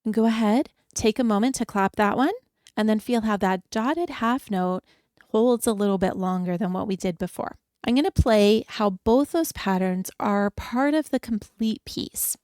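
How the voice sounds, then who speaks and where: A woman piano teacher giving a beginner lesson, encouraging and explaining each step clearly. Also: medium pitch, moderate pace, a little mellow, no room sound. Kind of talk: friendly beginner music lesson.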